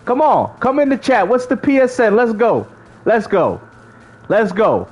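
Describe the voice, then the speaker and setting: Loud, lively streamer man trash-talking. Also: high voice, unhurried, husky. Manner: trash-talking, mocking, laughing often. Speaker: gaming streamer. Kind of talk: casual livestream banter.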